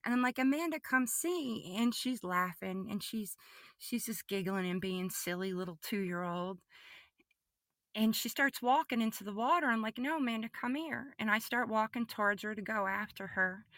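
Bright-voiced woman telling an emotional story. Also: medium pitch, moderate pace, dry recording, clean studio sound. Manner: vivid, repetitive retelling, swings between hushed and excited. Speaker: guest giving a testimony.

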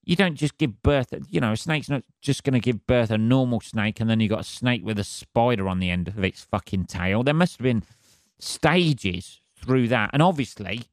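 A man's voice: medium pitch, moderate pace, no room sound, clean studio sound. A man hosting a podcast, rambling through a sweary, wry comic monologue and often asking for agreement. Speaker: podcast host.

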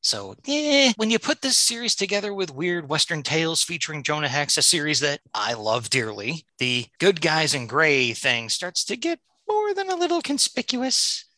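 Man, podcast host, enthusiastic, very bright voice, dry close sound. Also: on the high side, normal speed, hardly any pauses, no room sound, low-quality recording. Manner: enthusiastic, animated reading of synopsis. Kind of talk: comic book review podcast.

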